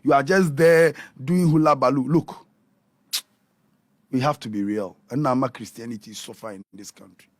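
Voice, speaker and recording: A man from Ghana with a Ghanaian accent, a pastor talking in a radio interview in an animated preaching manner, switching between Twi and English. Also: mid-range voice, moderate pace, no room sound.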